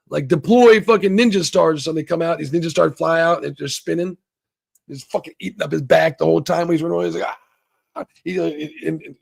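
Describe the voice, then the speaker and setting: A man's voice: on the high side, vocal fry, a little mellow, no room sound. A man hosting a casual, rambling and profane review of a TV episode. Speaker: show reviewer, channel host.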